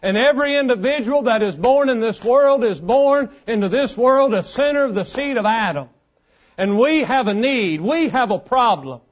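A man's voice: very high-pitched, animated, moderate pace. A man in his thirties preaching a sermon with a fervent, repetitive cadence. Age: 30s. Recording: dull lo-fi sound.

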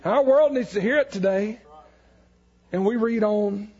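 A man preaching an evangelical sermon, fervent, building up to shouted emphasis on key lines. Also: high-pitched, unhurried, slightly rough, dull audio.

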